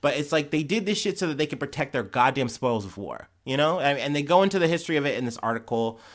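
A man's voice: fairly high pitch, expressive, fast talker. A man hosting a podcast, talking through news stories in a rambling, profane, heated way. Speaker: podcast host. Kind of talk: casual news commentary.

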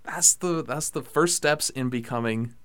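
A young man hosting a casual podcast chat, rambling with many fillers and getting excitable about food. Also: mid-range voice, a little slow, smooth. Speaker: podcast host.

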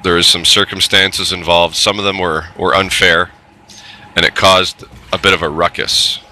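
A middle-aged man with a very deep yet strikingly bright voice tells a story in a casual monologue. He speaks candidly and plainly, with the odd swear word. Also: flat delivery, normal speed, slight background noise, poor audio. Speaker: trades technician telling his story.

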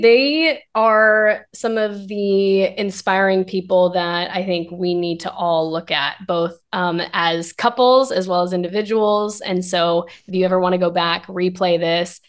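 A woman's voice: mid-range voice, fairly bright tone. A young adult woman hosting a podcast, upbeat and enthusiastic. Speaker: podcast host. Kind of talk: casual podcast conversation.

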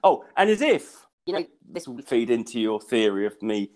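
A man's voice: mid-range voice, sing-song, normal speed, a little mellow. A young man co-hosting a podcast, telling rambling, swear-filled stories while groggy and unwell, often laughing mid-sentence. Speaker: podcast co-host. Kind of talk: casual chat.

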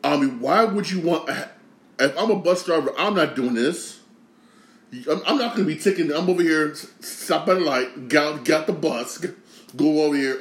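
A man from Connecticut hosting a podcast, ranting casually with slang and a lot of repetition, swinging from loud outrage to low grumbling. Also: normal speed, reverberant. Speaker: podcast host. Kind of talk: casual sports rant.

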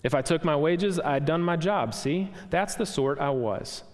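Brief: a man reading as a pushy, aggrieved ghost, higher and louder than his own voice, long hall reverb. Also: moderate pace, lightly acted. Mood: indignant. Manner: blustering, aggrieved, insistent. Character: indignant self-righteous ghost, grown man.

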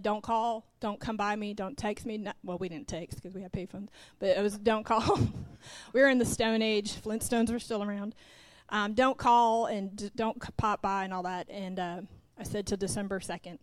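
The recording is dry, and the voice is mid-range: a middle-aged woman, a pastor's wife, preaching a sermon from the pulpit. She tells a story from her life, performs the dialogue, and speaks straight to the congregation.

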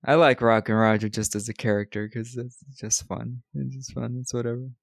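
Gravelly man laughing through a movie recap. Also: mid-range voice, flat delivery, fairly quick, no room sound. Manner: laughs often, retells scenes with quoted lines. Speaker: podcast co-host recapping a movie. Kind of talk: casual chat.

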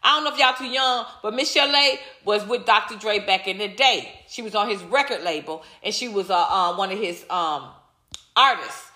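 A woman's voice: medium pitch, moderate pace, pushed and bright, roomy sound. A woman commentator ranting bluntly on a livestream, repeating her points and swearing as she reacts to viewer comments. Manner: emphatic, repetitive, blunt, swears. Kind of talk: heated casual opinion rant.

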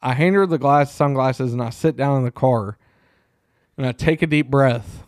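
A man co-hosting a podcast, telling a profane, animated story in casual chat. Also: medium pitch, normal speed, no room sound, clean studio sound. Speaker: podcast co-host. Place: small room.

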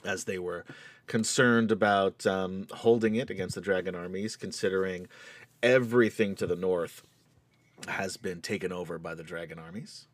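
A man's voice: sits low, fairly even intonation, normal speed, no room sound. A man hosting a tabletop game stream as game master, chatty and laughing with fillers as he recaps the story.

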